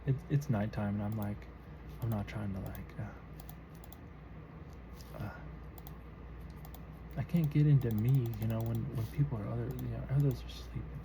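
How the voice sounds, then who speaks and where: A woman's voice: a bass voice, moderate pace, long pauses, background noise. A sleepy woman in her twenties rambling through a casual late-night monologue, full of musing half-thoughts and restarts. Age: 20s.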